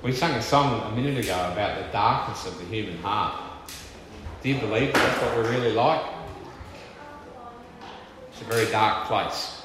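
A man preaching a sermon with earnest, emphatic delivery, slowing down to stress key words. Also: lowish voice, noisy background. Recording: echoey church hall with long reverb.

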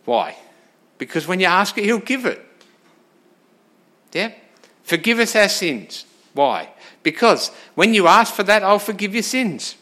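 A man preaching a sermon, lively and direct, asking the congregation questions and moving between loud emphasis and quiet asides. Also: high voice, a little slow, long pauses. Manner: animated, talks straight to the congregation with questions.

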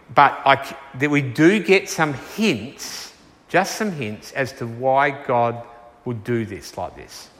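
A man preaching a sermon and taking questions, earnest and unhurried, slowing down to stress key words. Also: medium pitch, a bit bright. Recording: reverberant hall.

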